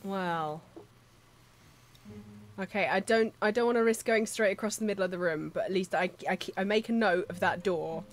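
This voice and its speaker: A woman's voice: medium pitch, normal speed. A woman playing a tabletop game, thinking aloud hesitantly about her moves. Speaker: player.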